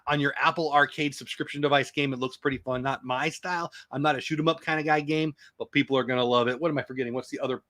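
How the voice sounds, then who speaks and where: A man's voice: medium pitch, bright, forceful tone, dry recording. A middle-aged man hosting a casual morning news show, rambling through long lists and joking about his own pronunciation. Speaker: show host.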